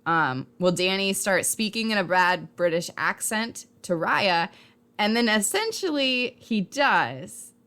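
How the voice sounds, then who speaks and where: A young woman co-hosting a casual TV review chat, animated and full of questions as she speculates. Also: medium pitch. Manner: animated, wondering aloud with many questions. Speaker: podcast co-host reviewing a TV series.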